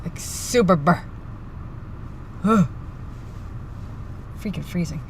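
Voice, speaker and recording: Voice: medium pitch, takes it slowly, a little hiss or hum. Rambling, chilly vlogger in a car. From East Coast of Canada. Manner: rambling and chatty, with hushed mumbled asides. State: cold and tired, yawning. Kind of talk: casual vlog chat. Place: inside a parked car in winter.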